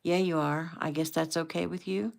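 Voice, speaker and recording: A calm young father talks slowly and gently, keeping his voice steady, as a woman reading a novel voices him. The tone is low and gravelly, and the manner is soft and reassuring. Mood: soothing. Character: calm young father soothing hurt son.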